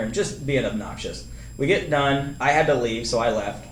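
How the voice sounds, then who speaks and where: Male podcast guest, animated storyteller, echoey room, slightly distant mic. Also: mid-range voice, moderate pace, slight background noise. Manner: animated storyteller, laughs often, acts out quotes. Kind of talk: casual storytelling.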